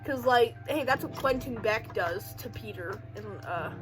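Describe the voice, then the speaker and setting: A woman's voice: on the high side, lively intonation, a little slow, over music, poor audio. A young woman casually recapping a film in a rambling way, full of "like" and joking asides. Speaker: video creator recapping a film.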